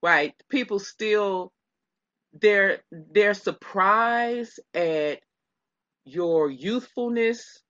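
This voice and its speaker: Bright-voiced chatty woman, lo-fi. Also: medium pitch, very slow, no echo. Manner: rambling, chatty, laughs often, many restarts. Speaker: podcast co-host. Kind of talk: casual celebrity gossip chat.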